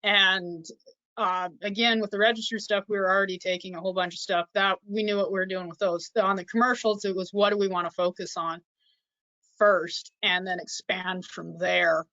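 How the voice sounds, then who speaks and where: Woman on a call panel, bright voice, lots of ums, dead dry audio. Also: medium pitch, fairly even intonation, no echo, muffled recording. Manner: halting, with frequent ums. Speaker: sheep producer panelist. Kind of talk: casual panel talk. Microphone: video call.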